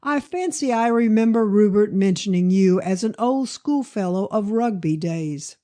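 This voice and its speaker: Eine Frau liest einen milden, müden alten Pfarrer. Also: female voice, mid-range voice, animated, moderate pace, dark tone, natural voice. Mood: mild, weary. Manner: mild, dignified, weary. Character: frail, mild, weary older male vicar scholar. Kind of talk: audiobook character voice.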